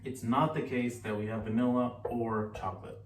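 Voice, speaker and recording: A man giving a relaxed, chatty recorded lesson, often pausing and correcting himself. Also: mid-range voice. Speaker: teacher. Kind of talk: casual recorded lecture. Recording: echoey room, distant mic, faint hiss.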